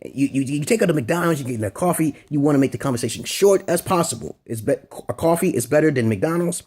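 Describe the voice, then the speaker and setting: Male vlogger, husky, blunt and crude, loose off-the-cuff advice monologue. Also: medium pitch, mellow. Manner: blunt, rambling and crude, with frequent "okay?" check-ins.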